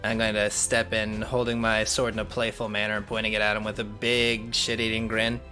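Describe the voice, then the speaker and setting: A man's voice: on the low side, monotone, a little fast, sharp tone, faint music behind. A man playing a tabletop game, describing his character's moves casually and swearing now and then. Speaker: player.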